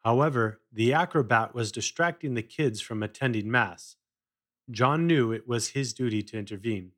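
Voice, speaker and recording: A man narrating a children's story in a measured read-aloud style. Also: mid-range voice, a bit bright.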